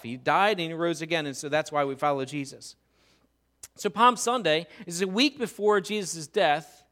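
High-voiced animated male pastor. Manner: animated storytelling, acts out crowd voices. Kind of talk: sermon.

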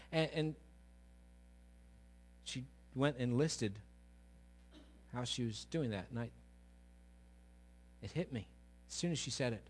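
A man preaching a sermon as pastor to his congregation. He swings from loud to hushed and keeps asking the listeners questions. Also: mid-range voice, slow, long pauses, slightly rough. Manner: asks the congregation rhetorical questions. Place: church sanctuary before a congregation.

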